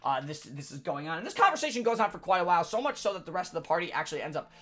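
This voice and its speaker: A man, the dungeon master, casually recapping a tabletop game session in a rambling, animated way. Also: on the high side, racing. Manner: rambling, many fillers and restarts, animated.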